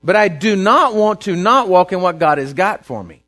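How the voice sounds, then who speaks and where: A Texan man preaching a testimony in a folksy way, his voice sitting a bit high for a man and swinging widely as the story builds. He doubles back on his words often. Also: animated, normal speed, fairly bright tone. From Texas. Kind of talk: sermon storytelling.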